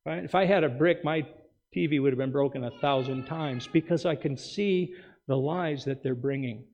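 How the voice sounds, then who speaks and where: A male pastor preaching a sermon, with emphatic rhetorical questions and quick asides. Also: fairly high pitch, a little mellow. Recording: dull sound with long hall reverb.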